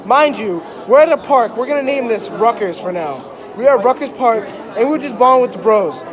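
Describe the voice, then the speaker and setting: A man's voice: very high-pitched, animated, moderate pace. Young man, comic storyteller, mock-dramatic, rambling, live crowd in a large room. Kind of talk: comedic storytelling to an audience. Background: crowd, laughter.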